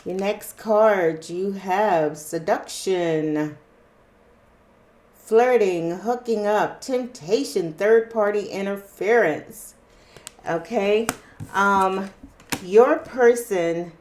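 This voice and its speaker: Slow-talking woman giving a tarot reading. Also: medium pitch, darkish tone. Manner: unhurried, checks in with frequent "okay?". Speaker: tarot reader. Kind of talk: casual tarot card reading to a viewer.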